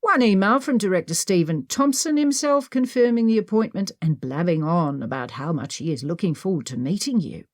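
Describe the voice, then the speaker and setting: A woman's voice: fairly low pitch, lively intonation, a little fast, few pauses. A woman narrator voicing a confident, cocky tech helper speaking over an earpiece.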